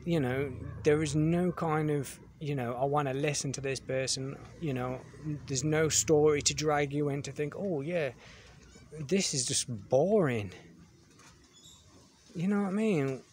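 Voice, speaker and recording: A man's voice: a little high, unhurried, a little mellow, slight background noise. A man giving a blunt, dismissive review monologue, with frequent "you know what I mean" asides.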